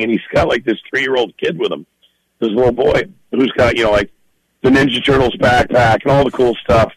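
Film director guest, animated storyteller, dry studio sound. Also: male voice, medium pitch, dry recording, low-quality recording. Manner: animated anecdote telling, laughs often. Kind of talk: storytelling in a podcast interview.

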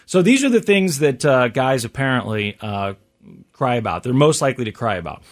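A man's voice: mid-range voice, very animated, brisk. A man hosting a talk show, reading survey numbers and riffing on them in a chatty, wry way. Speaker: radio show host. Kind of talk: casual talk show banter.

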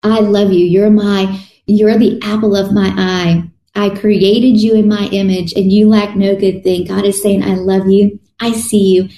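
Lady preaching, earnest and chatty, mellow voice, roomy echo. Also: mid-range voice. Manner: earnest, conversational preaching with restarts. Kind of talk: sermon. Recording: echoey room.

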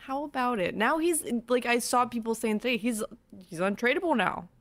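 A woman co-hosting a casual sports chat, relaxed and chatty, agreeing quickly. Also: on the high side. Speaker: podcast co-host.

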